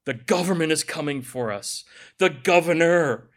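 A man's voice: on the high side, moderate pace. A man preaching a sermon as pastor, conversational and joking, with sarcastic asides.

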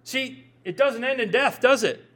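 A man's very high, fairly bright voice carries his sermon at normal speed. He is a pastor with a Midwestern accent, speaking conversationally, frequently repeating words while he thinks aloud and dropping in jokes.

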